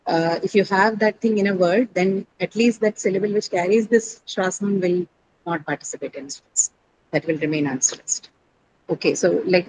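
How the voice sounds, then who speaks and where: A woman English teacher leads an online pronunciation lesson over a call. She works through each point patiently, posing questions and then answering them, and repeats the key words. A steady background noise sits under her voice. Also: fairly low pitch.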